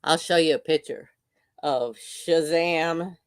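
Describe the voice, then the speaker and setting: A woman's voice: deep voice, slow pace, smooth, dry recording, clean studio sound. An older woman hosting a livestream, chatting casually and reacting to viewer comments. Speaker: livestream host. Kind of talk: casual chat.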